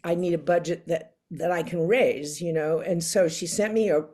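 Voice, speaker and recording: Lively older woman telling a story. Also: on the low side, moderate pace. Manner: animated, acts out quoted voices, laughs often. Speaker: interview guest. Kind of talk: casual storytelling interview.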